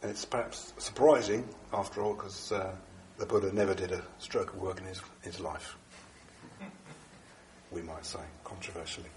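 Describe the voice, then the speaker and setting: A man with a congested, bunged-up voice from a cold, giving a Buddhist dharma talk to a group in a halting way with many fillers and restarts. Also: deep voice, steady tone, noisy background. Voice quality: bunged up, nasal. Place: echoey room with a small audience. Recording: echoey room recording.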